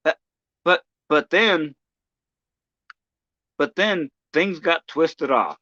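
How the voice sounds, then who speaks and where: A man's voice: fairly high pitch, lively intonation, bright, forceful tone, dry recording, muffled recording. Stammering, profane man ranting on stream. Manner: halting, many restarts and stammers, profane. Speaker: live streamer. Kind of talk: casual livestream rant.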